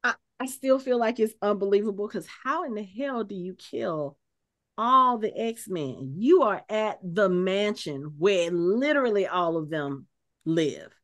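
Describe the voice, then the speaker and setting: A woman co-hosting a podcast at a middle pitch, talking casually and working her thoughts out as she goes. She restarts her sentences often and fills the gaps with "um" and "you know". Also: animated, a little slow. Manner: thinks aloud, with many filler words and restarts. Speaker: podcast co-host. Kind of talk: casual chat.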